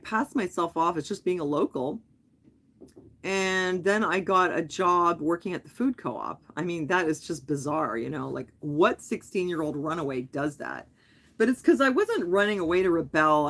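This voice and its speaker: A middle-aged woman hosting a livestream, telling a long story in a casual, rambling way, full of fillers and self-corrections. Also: lowish voice. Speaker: livestream host.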